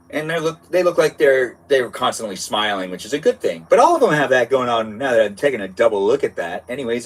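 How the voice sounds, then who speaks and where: A man's voice: mid-range voice, a little hiss or hum. A young man casually chatting on his live stream while playing a game, rambling and chatty. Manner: rambling, chatty, self-interrupting.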